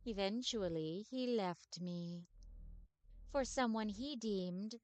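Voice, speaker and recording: A woman voicing a sorrowful female vampire ghost who speaks slowly and formally, in a game playthrough. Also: medium pitch, clear, resonant tone, no echo, voice pushed up, lightly acted. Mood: solemn. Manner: slow, solemn and formal.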